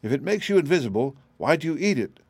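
A man's voice: on the high side, sing-song, fast talker, darkish tone, no echo, pitched above the performer's own voice. A man voicing a curious, plain-spoken girl traveler in an audiobook, in an earnest, questioning way. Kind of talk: audiobook character reading.

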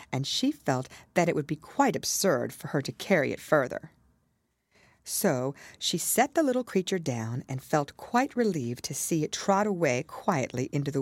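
A woman narrates a storybook in a low voice, expressive and measured, with a lively rise and fall. She sounds close and dry. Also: no echo. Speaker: storybook reader.

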